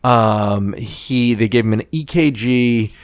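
A man's voice: medium pitch, takes it slowly, no room sound, studio quality. A middle-aged man telling a long, rambling story in casual chat, swearing and restarting often as a podcast co-host.

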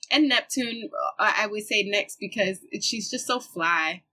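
A woman's voice: medium pitch, animated, a little slow, sharp tone, slight background noise, rough recording. A young woman guest, a musician, chatting in a laid-back, slangy way and laughing often. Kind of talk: casual chat.

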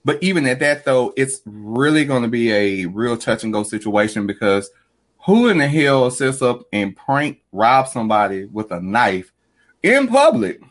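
A man hosting a casual livestream chat, animated, swearing freely and laughing often as he talks to viewers. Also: mid-range voice, moderate pace. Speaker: livestream host.

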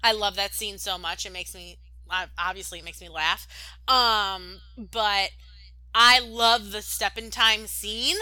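A young woman co-hosting a podcast, rambling warmly and with plenty of fillers in casual chat. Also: mid-range voice, fairly even intonation, unhurried, no echo, poor audio. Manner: gushing, rambling, many "like"s. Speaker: podcast co-host.

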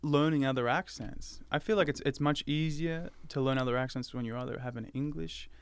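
A man's voice: medium pitch, a little fast, smooth. A man with an Australian accent, chatting as a guest on a podcast and dropping into playful impressions. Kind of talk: casual podcast conversation.

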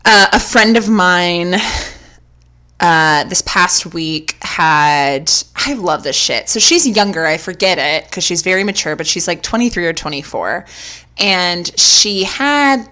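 Bright, animated woman podcast host. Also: lowish voice, a little slow. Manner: animated, swearing, storytelling. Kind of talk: casual podcast chat.

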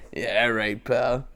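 A cocky, profane man talking. He boasts and needles his co-host in loose podcast banter, his voice sitting at a plain middle pitch. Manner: brash, profane, swaggering. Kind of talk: crude casual podcast banter.

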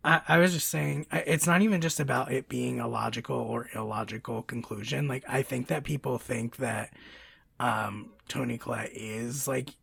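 Gravelly husky woman gushing about a movie, dry close mic. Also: very deep voice, moderate pace, no room sound. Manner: excitable, chatty, many fillers and restarts. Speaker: podcast co-host. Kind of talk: casual chat.

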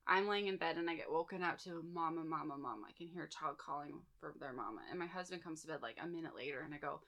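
A woman in her thirties talks quickly in a low, creaky voice with a fairly bright tone. She's chatting casually with friends, telling personal stories packed with fillers and "like."

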